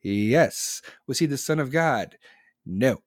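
A man's voice: medium pitch, animated, takes it slowly, no echo, studio quality. A man in his forties in casual, profane, rambling chat, reading and answering comments from his audience.

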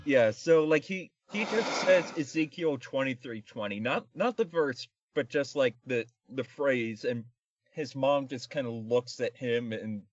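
A man's voice: medium pitch, animated, a little slow, dry recording, dull audio. A man co-hosting a casual comedic film review podcast, rambling and sarcastic with lots of fillers. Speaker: podcast co-host.

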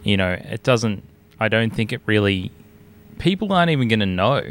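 A man's voice: lowish voice, big pitch swings, moderate pace, clean tone. A man chatting casually in a podcast, hesitant with many fillers and restarts. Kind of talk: casual chat.

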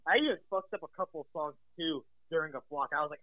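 Man, radio host as guest, higher bright voice, animated, swears and laughs, dull dry sound. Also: quick pace, hardly any pauses, no echo. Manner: animated storyteller, swears freely, laughs often. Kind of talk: casual chat.

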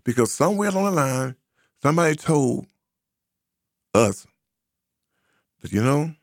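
Gravelly, impassioned male commentator. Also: medium pitch, very animated, a little slow, long pauses, no room sound, studio quality. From United States. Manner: preachy, emphatic, repeats phrases for effect. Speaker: social commentator.

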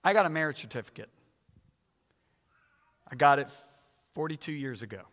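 A man's voice: on the high side, animated, normal speed, a bit bright. A man in his sixties preaching a sermon with emphatic, dramatic repetition. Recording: echoey hall.

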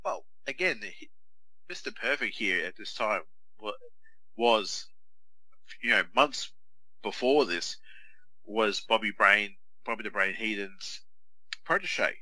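A lower-pitched man with a strikingly bright, forward tone chats through a wrestling watch-along. He rambles casually, trailing into playful put-on voices. The sound is close and dry, with no room around it. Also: expressive, slow, pauses often, dry recording, poor audio. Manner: chatty, slips into jokey impressions of wrestlers. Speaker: podcast co-host.

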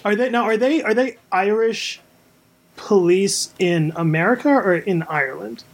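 A co-host in a relaxed comedy brainstorm, rambling and laughing through ideas. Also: mid-range voice, a little slow. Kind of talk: casual comedy brainstorm chat.

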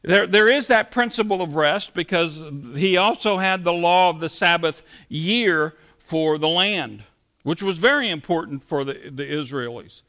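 A man preaching a sermon with a high, bright voice. He teaches verse by verse in a relaxed, conversational way, then lifts his voice for emphasis. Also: a little slow. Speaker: pastor.

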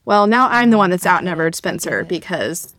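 A woman's voice: fairly low pitch, lively intonation, normal speed, fairly bright tone, no room sound. A young woman co-hosting a casual podcast chat, wry and teasing. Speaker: podcast co-host.

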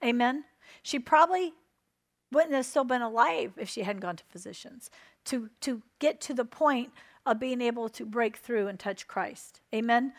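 Woman preacher mid-sermon, fairly high voice, driving points home with repeated phrases and calls for "Amen". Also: expressive, moderate pace. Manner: emphatic, repeats phrases and asks the crowd "Amen?".

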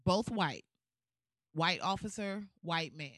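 A woman delivering a profane, fired-up rant with a bright, forceful tone and a high, lively voice. Her pitch swoops around a lot as she riffs. The sound is dry and close to the mic. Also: slow pace, dry recording. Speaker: commentator. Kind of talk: casual ranting commentary.

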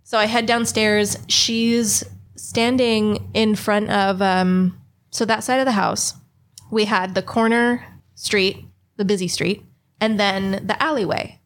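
A woman's voice: mid-range voice, fairly even intonation, slow pace. Casual, swearing young woman telling a story. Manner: chatty, swears freely, acts out quoted voices. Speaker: podcast co-host.

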